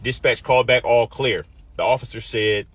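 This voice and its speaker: Husky Midwestern man telling his story. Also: mid-range voice, moderate pace, fairly bright tone. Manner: vivid, acts out quoted voices. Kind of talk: personal storytelling.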